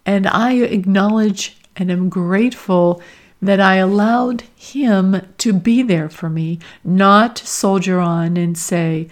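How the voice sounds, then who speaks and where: A middle-aged woman hosting her own podcast as a career coach, speaking earnestly and from the heart in a reflective personal monologue. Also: medium pitch. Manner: slow, earnest and heartfelt, with emotional emphasis.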